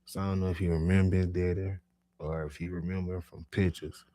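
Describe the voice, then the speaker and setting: A young man telling a profane street story in casual talk, swinging between low mutters and loud animated bursts. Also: quick pace. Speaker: podcast storyteller.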